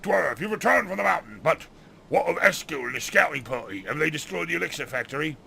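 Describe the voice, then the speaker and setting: This is a weathered dwarf chief, played by a man who talks in a loud, booming voice. The voice is gravelly and forceful. He is quick to alarm. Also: lively intonation, full character voice.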